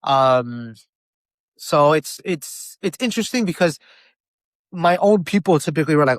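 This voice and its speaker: A man's voice: on the high side, a little fast, no room sound. Chatty young man from Miami. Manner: chatty, animated storyteller. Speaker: guest. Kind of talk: casual video-call conversation. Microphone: video call.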